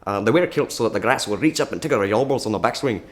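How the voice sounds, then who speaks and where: A man's voice: fairly low pitch, lively intonation, racing, natural voice. A man voicing a laid-back Scottish man with a Scottish accent, with throaty sounds from the back of the throat and a lazy drawl.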